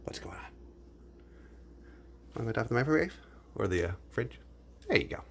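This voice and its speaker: A man's voice: mid-range voice, big pitch swings, rapid-fire, creaky, fairly bright tone, a little hiss or hum. A man chatting playfully to his pet bird at home in a kitchen, using sing-song baby talk and laughing often.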